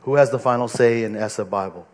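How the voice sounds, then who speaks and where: A man's voice: mid-range voice, fast talker, a little mellow, in a large hall. A male pastor preaching a sermon from the pulpit, earnest and conversational, often restarting his sentences. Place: church pulpit.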